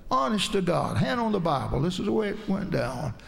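Gravelly preacher telling a testimony. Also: male voice, sits high, sing-song, a little fast, fairly bright tone. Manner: earnest storytelling, voice rising in emphatic bursts. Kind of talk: sermon with personal testimony.

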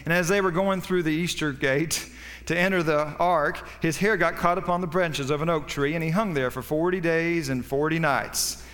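Man, pastor, folksy joking sermon, slightly high voice, long church reverb. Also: steady tone, normal speed. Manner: folksy, joking, rising to loud punchlines.

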